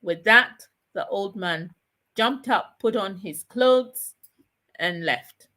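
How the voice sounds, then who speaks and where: Slow, deliberate woman storyteller. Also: medium pitch, bright, forceful tone. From Ghana. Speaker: chat show host. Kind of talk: storytelling with a moral.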